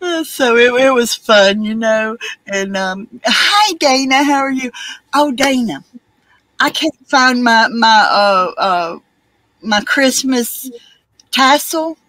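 A woman's voice: on the high side, animated, slow, a bit bright, dry recording, poor audio. A woman with a Southern US accent chatting casually on a live stream, rambling with many ums and restarts. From Alabama, US.

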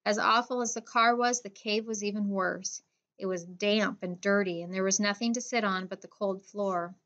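A woman's voice: mid-range voice, fairly even intonation, moderate pace, a bit bright. Woman reading a storybook, dull audio. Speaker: audiobook narrator. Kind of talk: scripted narration.

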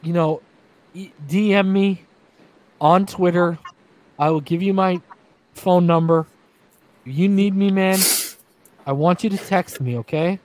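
A man hosting a sports talk stream, his voice sitting a touch high. He talks in an earnest, emotional way, crying and circling back over the same words. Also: measured pace, pauses often, a little mellow. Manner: emotional, repeats himself, earnest. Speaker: podcast host. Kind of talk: casual sports talk livestream. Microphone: streaming setup, remote call.

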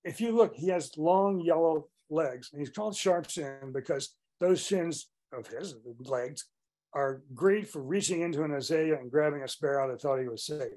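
Older male presenter, higher voice, loose rambling delivery for a bird talk. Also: normal speed, darkish tone. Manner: rambling, restarts often. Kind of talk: informal illustrated talk.

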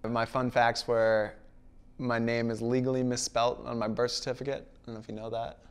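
A man from Connecticut, an actor guest in a casual comedy interview, talking in a self-deprecating, deadpan way. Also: mid-range voice, brisk, clean tone. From Bridgeport, Connecticut, US.

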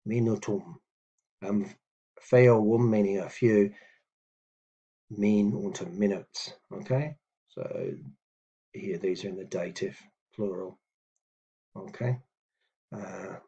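A man teaching a language lesson on video, explaining patiently with many fillers and reading example phrases slowly. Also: on the low side, warm tone, dull audio.

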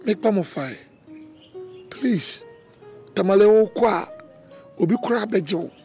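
A man's voice: sits high, lively intonation, moderate pace, a little mellow, soft background music. A man with a Ghanaian accent playing a desperate man who begs his partner to stay, pleading emotionally and mixing Twi and English. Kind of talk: film acting. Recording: faint film score underneath.

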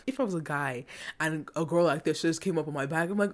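A woman's voice: deep voice, fast talker, soft background music. A young woman hosting a movie reaction, talking casually and animatedly, swinging between giggles and indignant rants.

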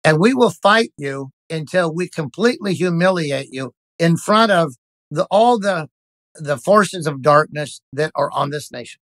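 A man's voice: on the high side, expressive, a little slow, fairly bright tone, no room sound. A man, a pastor, telling a personal story in an interview, speaking intensely and emphatically with frequent restarts.

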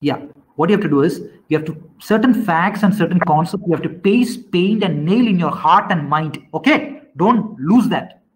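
A man with a high voice lectures an online class over poor audio. The teacher keeps quizzing his students and repeats questions, restarting haltingly.

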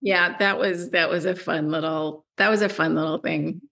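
A middle-aged woman, a guest artist in a casual interview, modest and agreeable, quick to laugh. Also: deep voice, steady tone, vocal fry, fairly bright tone.

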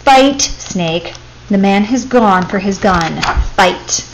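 A woman's voice: mid-range voice, animated, slow pace, slight background noise, low-quality recording. Woman reading as a cocky little mongoose hero, storybook, bold and defiant. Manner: eager, defiant challenges. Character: brave young male mongoose, bold and boastful.

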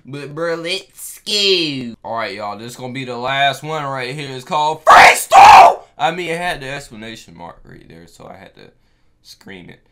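A young man giving casual gameplay commentary, loud and excitable, yelling at the game and swearing freely in slang. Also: mid-range voice, moderate pace, a little hiss or hum. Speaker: gaming YouTuber.

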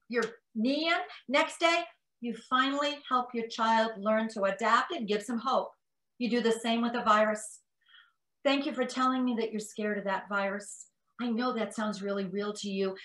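Bright, animated woman speaking to parents. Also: a little high, roomy sound, poor audio. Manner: animated, acts out parent and child dialogue. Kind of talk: motivational talk to parents.

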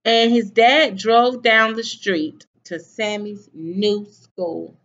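A woman, a teacher, reading a picture book aloud to children at home on a webcam, pausing to ask them questions. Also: mid-range voice, steady tone, a bit bright. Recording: slightly dull webcam audio.

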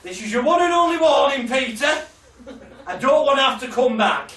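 Man doing a devil voice, shouty and menacing, laughing through it, roomy sound from far off. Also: very high voice, expressive, moderate pace, slight background noise, voice pushed up, heavily acted. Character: booming menacing male devil voice, shouting threats.

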